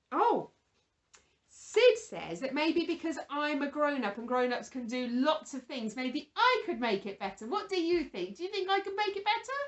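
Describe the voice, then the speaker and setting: A woman leads a Bible lesson for small children and chats with a puppet friend. Her voice sits high and swoops up and down, and she takes her time over each word, in the soft, exaggerated manner of someone talking to toddlers. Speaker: children's church presenter.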